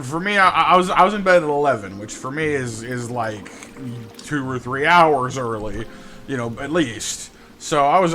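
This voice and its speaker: A man's voice: a little high, bright, forceful tone, slight background noise. A man streaming a game live, telling a rambling story and greeting his chat with lots of stammered restarts. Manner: chatty storyteller, repeats words when starting sentences.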